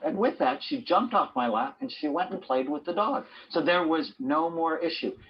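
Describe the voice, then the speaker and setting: A man's voice: on the high side, animated, normal speed, hardly any pauses, highs cut off, a little hiss or hum. A man, a doctor, giving a motivational self-help talk, telling stories and acting out what people said. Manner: storytelling, acting out quotes in varied voices.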